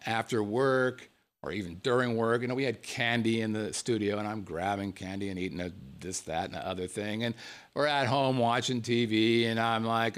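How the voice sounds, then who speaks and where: A man's voice: medium pitch, a bit bright. A man telling a casual story in a monologue, joking at himself and swearing freely.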